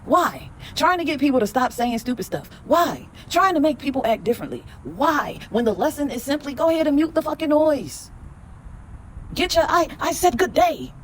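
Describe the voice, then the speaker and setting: A woman hosting a spiritual podcast, reading tarot cards and giving a blunt, emphatic pep talk full of swearing, then repeating affirmations slowly. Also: sits high, big pitch swings, a little hiss or hum.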